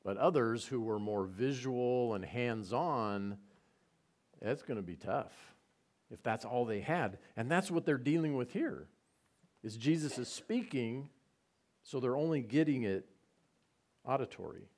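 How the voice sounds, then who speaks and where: A man's voice: medium pitch, animated, a little slow, pauses often, darkish tone. A man preaching a conversational sermon, retelling scenes with repetition and side remarks. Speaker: pastor.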